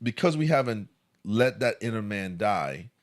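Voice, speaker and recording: A man co-hosting a casual podcast discussion, animated and acting out quoted lines as he tells stories. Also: lowish voice, a little slow. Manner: animated storyteller, acts out quotes. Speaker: co-host.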